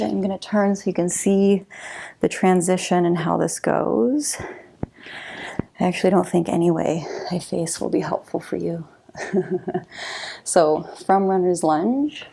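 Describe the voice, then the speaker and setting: Yoga teacher with a gravelly, mellow voice. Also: female voice, lowish voice. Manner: counts down and cues poses calmly, with light laughs. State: slightly out of breath. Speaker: yoga instructor. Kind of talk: guided yoga class instruction.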